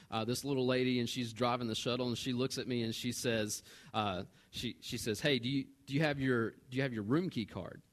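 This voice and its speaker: A man, a pastor telling a personal story in a relaxed, self-mocking sermon. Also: mid-range voice. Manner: conversational and self-mocking, with animated retold dialogue.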